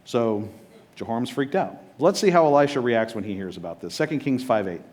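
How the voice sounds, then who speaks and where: A man's voice: mid-range voice, animated, a little fast, a little mellow. A man preaching a sermon as pastor, casual and joking, often checking in with his listeners.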